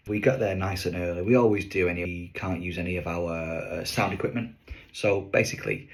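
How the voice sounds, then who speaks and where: A man, a singing waiter, chatting to camera as he tells a story from a show. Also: low-pitched. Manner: chatty, lively, with fillers and asides.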